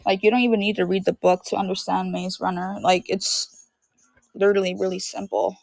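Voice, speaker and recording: Brief: young woman reseller, scratchy throat, fry-heavy chatter, close and dry. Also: mid-range voice, level tone, fairly quick, darkish tone, no room sound. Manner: rambling, filler-heavy storytelling. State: sore, itchy throat. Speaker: online reseller selling DVDs and VHS tapes. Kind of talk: casual livestream chat.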